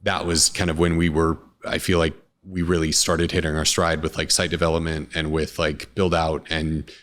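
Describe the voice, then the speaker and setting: A man, a restaurant co-founder, talking casually in an interview, relaxed and rambling with many restarts. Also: extremely low pitch, normal speed.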